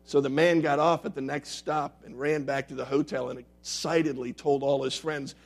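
A man preaching a sermon and telling stories. He moves between loud, dramatic lines and hushed, quiet ones. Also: medium pitch, level tone, normal speed, few pauses. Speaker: pastor. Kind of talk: sermon with storytelling.

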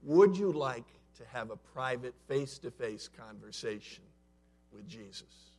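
A man in a church sanctuary preaching a sermon, conversational and story-driven, swinging between loud and soft. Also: medium pitch, animated, unhurried, vocal fry, breathy edge. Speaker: pastor.

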